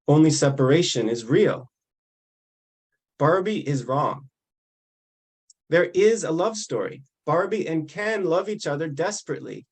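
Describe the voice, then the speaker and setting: Midwestern man, slightly high voice with gravel in it, reads a prepared text slowly and deliberately. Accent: Midwestern American. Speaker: reader of the weekly text. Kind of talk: reading a prepared text aloud.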